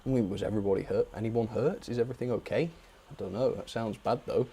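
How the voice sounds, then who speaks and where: A man's voice: lowish voice, fast talker, mellow, slightly rough. A man hosting a live stream, chatting in a friendly way as he reads out viewers' requests and thanks them by name. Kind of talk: reading out viewer chat requests.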